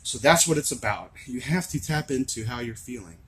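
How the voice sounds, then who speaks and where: A young man with a raspy voice, talking earnestly and rambling to camera in a confessional vlog. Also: mid-range voice, lively intonation, brisk, noisy background. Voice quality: raspy from screaming. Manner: earnest, rambling, swings from shouting to laughing to soft musing. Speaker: vlogger.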